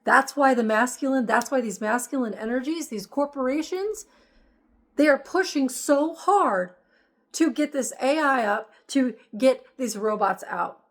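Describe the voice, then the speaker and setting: A woman's voice: high voice, measured pace. A woman giving an emphatic, repetitive spiritual monologue as host of her channel.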